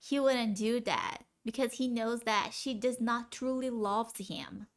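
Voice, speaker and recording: Reaction YouTuber: a gushing, excitable woman, raised pitch, casual and foul-mouthed. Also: a little slow, soft background music. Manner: emotional and gushing, swears freely.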